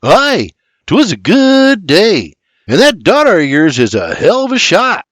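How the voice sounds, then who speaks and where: A man's voice: sits high, wildly swooping pitch, unhurried, fairly bright tone, dry recording, clean studio sound, pitched above the performer's own voice, full character voice. A man voicing a friendly, sly young Irish immigrant hunter, in an audiobook. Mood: cheerful.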